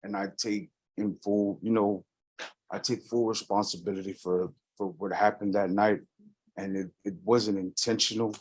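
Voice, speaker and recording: A man speaking as a defendant in a courtroom, talking quietly and hesitantly, almost whispering, with repeated restarts. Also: on the low side, fairly even intonation, moderate pace, slightly rough, poor audio. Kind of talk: courtroom statement of remorse.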